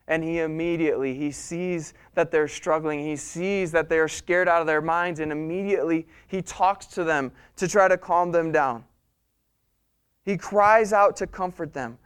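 High, clear-voiced preaching man. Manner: animated storytelling preaching, swings between soft and loud. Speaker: pastor. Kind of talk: sermon.

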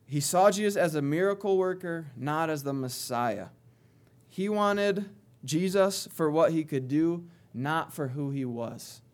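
A man preaching a sermon in a conversational way, moving between quiet asides and emphatic readings. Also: sits high.

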